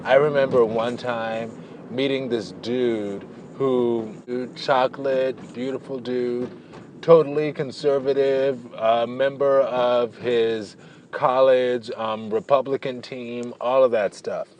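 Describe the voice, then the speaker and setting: A man tells a personal story straight to his viewers in a loose, playful, gossipy way, wandering off on tangents and leaning hard on drawn-out words. His voice sits at an ordinary middle pitch. Faint background noise hangs under the recording. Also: steady tone, darkish tone. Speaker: vlogger. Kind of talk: casual storytelling to camera.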